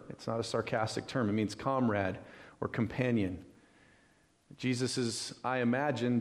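A man preaching a sermon in a conversational, animated storytelling manner, often asking "right?". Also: medium pitch. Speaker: pastor.

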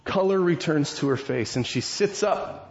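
A man preaching a sermon, retelling a story with animated acted voices. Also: a little high, moderate pace, a little hiss or hum. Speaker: pastor. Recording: dull lo-fi sound.

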